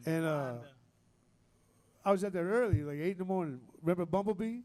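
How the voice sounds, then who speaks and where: High-voiced New man telling stories. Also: a little fast. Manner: rambling, warm-hearted, with restarts and Southern slang. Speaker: band member. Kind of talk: heartfelt live storytelling. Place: live music venue.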